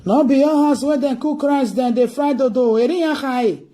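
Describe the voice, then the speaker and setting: A woman's voice: high voice, normal speed, warm tone. A Nigerian woman with an Edo Pidgin accent giving emphatic political commentary on a livestream, repeating her key phrases. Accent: Nigerian Pidgin English, Edo. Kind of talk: live-streamed political commentary.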